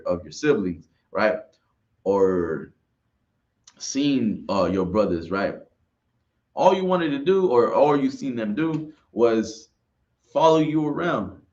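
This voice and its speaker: A man's voice: on the low side, dull audio. A man giving an informal religious class talk, rambling and repeating himself, often asking "right?". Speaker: class speaker.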